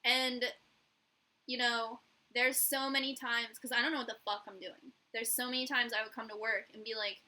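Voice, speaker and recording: A woman's voice: a little high, steady tone, moderate pace, pushed and bright, poor audio. A young woman, a YouTuber and hairstylist, telling a candid, profane story in a casual vlog and acting out the dialogue.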